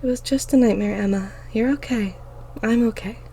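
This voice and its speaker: A woman voicing a gentle older sister who speaks softly and reassuringly. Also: fairly high pitch, moderate pace, a little hiss or hum, lightly acted, poor audio. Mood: soothing. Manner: soft, reassuring.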